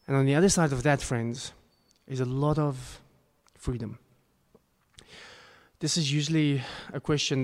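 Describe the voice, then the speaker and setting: A man's voice: medium pitch, a little mellow. A man preaching a sermon as a pastor, earnest, with emphatic bursts. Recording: long hall reverb.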